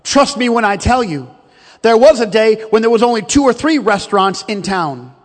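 Middle-aged male preacher, high-pitched, folksy and joking, reverberant sanctuary sound. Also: animated, moderate pace. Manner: storytelling, joking, calls out to the congregation. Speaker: pastor. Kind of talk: sermon. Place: church sanctuary.

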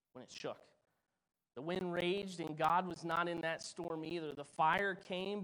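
Man preaching a sermon, fairly high voice, dramatic loud-to-hushed swings. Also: low-quality recording. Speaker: pastor.

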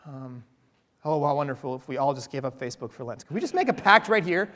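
Male pastor, high voice, conversational sermon, playful asides, long hall reverb. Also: animated, fast talker, a bit bright. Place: church.

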